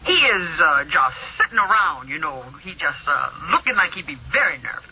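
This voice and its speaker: A woman's voice: fairly low pitch, sing-song, fairly quick, slight background noise, voice pushed down. A woman voicing a nervous male eyewitness calling in, drawling in slang and stammering. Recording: tinny phone-like radio audio.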